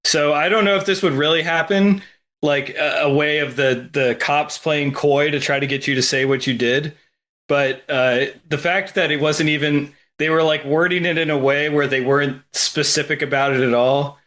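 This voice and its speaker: A man's voice: on the high side, fairly even intonation, moderate pace, a bit bright. A man chatting casually on a film podcast, thinking aloud and often saying "like.".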